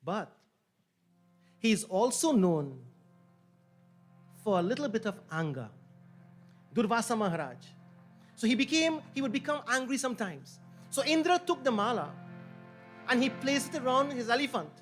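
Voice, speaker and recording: Pundit, male, high-pitched, repetitive, emphatic sermon delivery, soft music bed. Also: sing-song. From Trinidad and Tobago. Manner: storytelling, repeats phrases for emphasis, swells louder and slows on key points. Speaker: pundit officiating a yagna.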